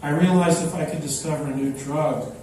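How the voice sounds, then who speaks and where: A man's voice: on the high side, fairly even intonation, a little fast, darkish tone. Older man, public talk, anecdotal, fillers, far from mic, very echoey hall, noisy. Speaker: speaker giving a talk. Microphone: microphone, then unamplified.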